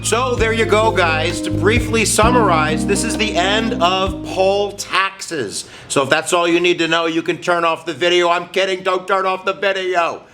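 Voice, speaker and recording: A man's voice: sits high, moderate pace, hardly any pauses, bright, forceful tone, soft background music. A man hosting a history lesson channel, talking to viewers in an upbeat, jokey, casual way. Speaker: history teacher host.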